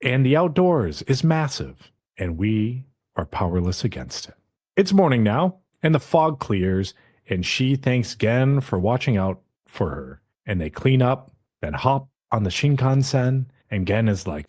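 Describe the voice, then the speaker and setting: A man's voice: mid-range voice, sing-song, measured pace, a little mellow. A man hosting a podcast, casually recapping an anime episode and acting out the characters' lines with frequent swearing.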